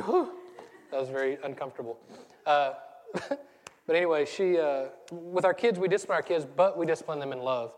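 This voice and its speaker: A man in his thirties with a Southern US accent, preaching a casual, conversational sermon that rambles and turns self-deprecating. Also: a little high. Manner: rambling, self-deprecating, laughs at own stories. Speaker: pastor. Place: church sanctuary. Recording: church hall with long reverb.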